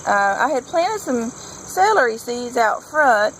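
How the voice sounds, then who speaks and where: A woman's voice: fairly high pitch, very animated, slow, fairly bright tone, slight background noise, rough recording. A woman vlogger chatting casually and enthusiastically while she works on a patio garden, rambling from one thought to the next. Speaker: homesteading vlogger.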